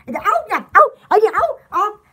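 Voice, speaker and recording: A woman's voice: very high voice, very animated, normal speed, a bit bright. A woman, chatting casually with viewers on a live stream from her store, giggly and rambling. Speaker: store owner.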